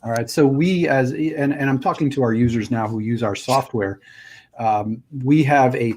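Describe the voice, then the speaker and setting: Middle-aged male host, casual and conversational, medium pitch, loose and searching delivery. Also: normal speed, a little mellow. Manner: casual, explains at length with fillers and restarts. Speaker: podcast host. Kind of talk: conversational interview.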